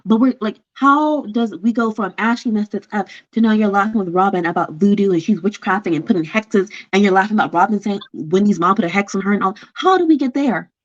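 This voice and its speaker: A woman in a casual reality-show recap chat, exasperated and firing off one rhetorical question after another. Her voice is mid-pitched and slightly muffled. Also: fairly quick, few pauses. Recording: muffled lo-fi sound.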